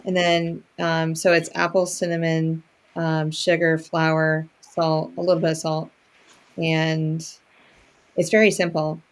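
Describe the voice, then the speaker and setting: A co-host in relaxed chat who pauses often and fills the gaps with ums. The voice has a gravelly, creaky edge. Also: medium pitch. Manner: halting, full of ums, relaxed. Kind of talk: casual chat.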